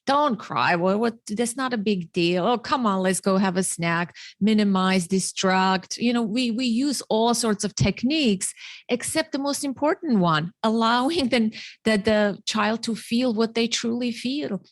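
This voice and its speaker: A woman's voice: a little high, measured pace, dry recording. A middle-aged woman host and parent educator, talking earnestly in an interview, often restarting and repeating words. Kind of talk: conversational interview.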